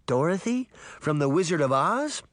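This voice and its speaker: Male narrator doing an excitable young girl, high and animated. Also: moderate pace, no room sound, clean studio sound. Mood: excited. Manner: eager, exclaiming. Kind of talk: audiobook character voice.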